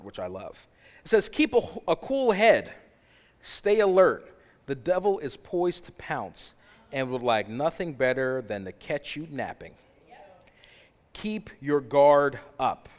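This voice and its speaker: A man preaching a sermon in an animated, casual way, slipping into slang and rising to shouts. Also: medium pitch. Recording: long hall reverb.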